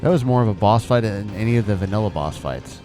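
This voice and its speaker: A man giving upbeat game commentary with quick exclamations, over game music. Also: fairly low pitch, lively intonation. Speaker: gaming video host.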